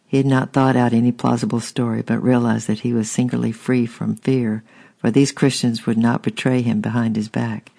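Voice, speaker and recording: A man's voice: mid-range voice, little pitch movement, normal speed, creaky, mellow. A man narrating a storybook steadily and unhurriedly, with small restarts. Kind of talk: audiobook narration.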